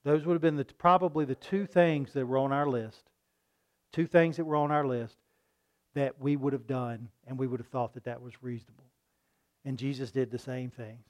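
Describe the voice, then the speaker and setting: A man preaching a sermon in a folksy style, often asking his listeners "right?" and loudly acting out the voices of a mocking crowd. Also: mid-range voice, normal speed. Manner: animated, acts out mocking crowds in loud voices.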